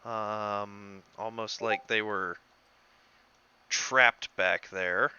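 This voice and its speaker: A man running a tabletop game as game master, talking in a halting way and laughing easily. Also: on the low side, steady tone, pushed and bright, smooth, highs cut off.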